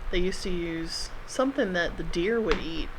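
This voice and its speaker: A woman's voice: on the low side, normal speed, noisy background. A woman co-hosting a podcast in casual chat, chatty and laughing as she talks. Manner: chatty, laughs while talking. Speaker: podcast co-host.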